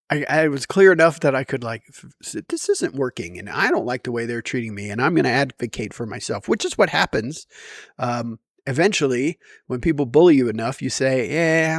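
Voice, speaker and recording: A man's voice: medium pitch, no echo, studio quality. A middle-aged man musing at home in a rambling, wry, self-deprecating monologue. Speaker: vlogger.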